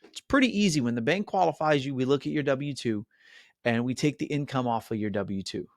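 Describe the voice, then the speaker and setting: A man's voice: mid-range voice, expressive, fairly quick, dry recording, clean studio sound. A middle-aged man hosting a mortgage webinar, chatty and upbeat, with many fillers and "right?" asides. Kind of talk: webinar presentation.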